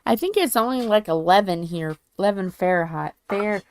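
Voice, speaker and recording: A woman's voice: lowish voice, animated, a little fast, darkish tone, smooth. A woman with a stuffy head cold chatting casually with viewers while she works on a craft, rambling and tripping over some words. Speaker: diamond painting channel host.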